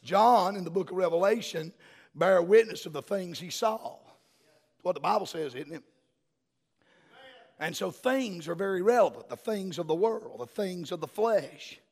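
A middle-aged man, preaching a sermon as a pastor and building to fervent shouting. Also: high-pitched, animated, a little slow.

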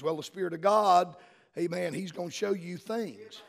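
A middle-aged man, preaching a sermon as a pastor and building to fervent shouting. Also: high-pitched, normal speed, vocal fry.

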